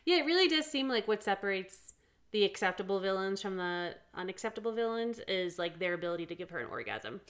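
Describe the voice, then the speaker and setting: A woman co-hosting a podcast in casual book chat. She thinks aloud in a wry, musing way and drops dry, teasing asides, at a middle pitch. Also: expressive, fast, a bit bright. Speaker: podcast co-host.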